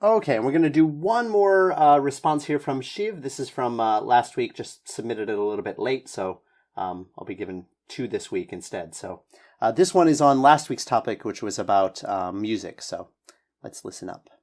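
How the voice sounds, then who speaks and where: Man giving relaxed spoken feedback. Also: medium pitch, normal speed. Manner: encouraging, hedging, many "um"s. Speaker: English teacher giving speaking feedback.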